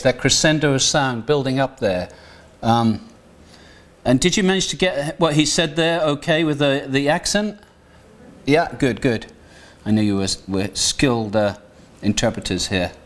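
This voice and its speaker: An older British man giving an academic lecture in a talk room, conversational, with frequent asides and restarts. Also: medium pitch. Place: lecture hall.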